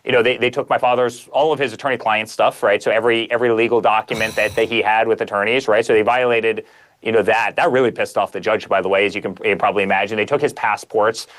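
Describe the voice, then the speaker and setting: A man's voice: fairly low pitch, steady tone, fast, a bit bright. A man speaking as a guest author in a conversational interview, emphatic and piling up repeated phrases.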